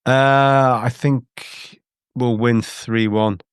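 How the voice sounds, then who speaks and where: A man's voice: medium pitch, steady tone, extremely slow, clean tone, no echo, clean studio sound. A man co-hosting a casual football podcast, rambling and hesitant with many restarts. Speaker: podcast co-host. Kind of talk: casual chat.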